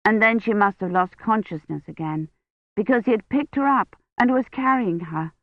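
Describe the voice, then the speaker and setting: A woman reading a novel aloud at a measured, even pace, mid-pitched and steady. The sound is thin and phone-like. There is no room echo at all. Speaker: audiobook narrator. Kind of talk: scripted narration. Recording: tinny phone-like dry audio.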